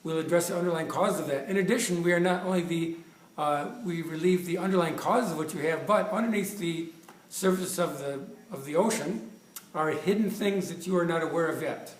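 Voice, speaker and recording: A man's voice: fairly high pitch, fairly quick. A man in his fifties working as a chiropractor, giving an enthusiastic, jokey presentation with props, often restarting his sentences. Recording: echoey room, distant mic, faint noise.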